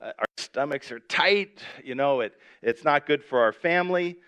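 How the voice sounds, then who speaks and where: A man's voice: on the high side, expressive, normal speed, a bit bright, clear, resonant tone. A man preaching a sermon in a conversational way, reading scripture verses aloud and explaining them with everyday examples. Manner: conversational, repeats and restarts, reads scripture aloud. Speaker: pastor.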